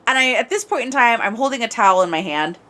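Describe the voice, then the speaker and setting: A woman podcast host with a slightly high voice tells a casual story into her microphone. She is animated and expressive, sliding from low mutters up to shrieks. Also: fast.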